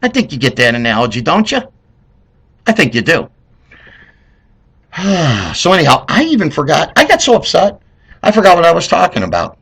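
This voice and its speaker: Middle-aged US man, gravelly, lively pitch, sarcastic ranting vlogger. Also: moderate pace, pauses often. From United States. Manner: heated, rambling, sarcastic. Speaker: political vlogger. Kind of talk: ranting vlog monologue.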